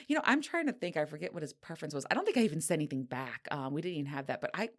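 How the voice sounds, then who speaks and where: A woman's voice: deep voice, very animated, fast talker. A middle-aged woman hosting her own podcast, talking frankly and breathlessly in a candid solo monologue, often laughing and sighing. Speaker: podcast host.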